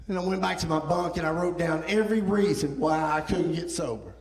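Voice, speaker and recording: A man in his thirties tells his story to a church crowd, his voice pitched a little high and swelling to near-shouts at its peaks. The sound is roomy, with a long hall reverb trailing every line. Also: brisk, few pauses. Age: 30s. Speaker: guest speaker. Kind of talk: testimony talk. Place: church sanctuary.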